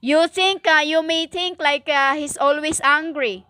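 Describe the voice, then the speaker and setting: A woman preaching a stern religious monologue in halting non-native English, with many fillers and emphatic repetition. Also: high voice, fairly even intonation, bright, forceful tone, dry recording, studio quality. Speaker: self-styled prophetic preacher.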